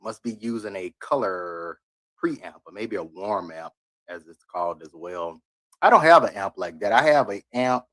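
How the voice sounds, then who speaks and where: A man's voice: fairly low pitch, expressive, moderate pace, a bit bright, no room sound. A man on a live stream giving blunt, critical commentary in rambling asides as he reacts to a video.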